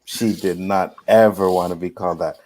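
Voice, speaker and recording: A man with a fairly low voice hosting a casual podcast. He talks in an easygoing, laid-back way. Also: steady tone, moderate pace, a little mellow. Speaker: podcast host. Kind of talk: casual chat.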